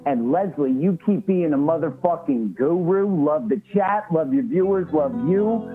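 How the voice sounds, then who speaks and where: A man's voice: a little high, animated, a little slow. A man calling in to a show, ranting and swearing. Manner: ranting, profane. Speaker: caller. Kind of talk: call-in rant. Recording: tinny phone line with faint music. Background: faint music.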